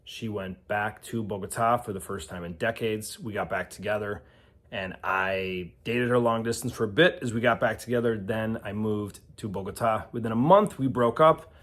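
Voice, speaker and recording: A forty-year-old man from the American Midwest talks to camera in a low voice. He tells his stories in an easygoing way, wanders into asides, and fills gaps with "um" and "uh". His delivery stays conversational and unscripted throughout. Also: moderate pace, fairly bright tone. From Milwaukee, USA. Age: 40s. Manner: conversational, rambling with asides and fillers. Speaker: vlogger. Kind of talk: casual storytelling to camera.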